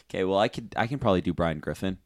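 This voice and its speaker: A young man co-hosting a casual comedy podcast, delivering lines flat and deadpan. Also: low-pitched, no echo, studio quality. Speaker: podcast co-host.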